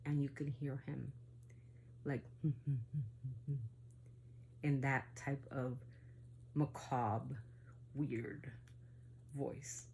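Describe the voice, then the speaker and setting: A woman casually telling a spooky family story, rambling with asides and questions to the listener, sometimes going hushed for the eerie parts. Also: very deep voice, steady tone, extremely slow, gravelly, pauses often, slight background noise. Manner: rambling, full of asides and "right?".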